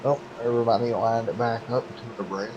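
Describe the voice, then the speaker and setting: A hoarse man doing excitable, rambling race commentary over a sim race, with many fillers. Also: mid-range voice, brisk, dull audio, noisy background.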